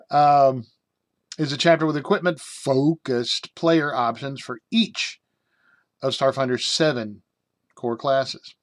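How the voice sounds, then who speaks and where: Middle-aged American man, casual reviewer, rambly and self-amused, dry close sound, average pitch. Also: steady tone, takes it slowly, long pauses, dry recording. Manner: rambling, with frequent fillers and self-amused asides. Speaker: game reviewer.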